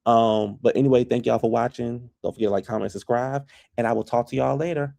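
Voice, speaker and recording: A man casually recapping a reality TV episode for his viewers, chatty and opinionated, quick to pass judgment on the cast. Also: mid-range voice, steady tone, gravelly, mellow. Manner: chatty, gossipy, opinionated, addresses viewers as y'all.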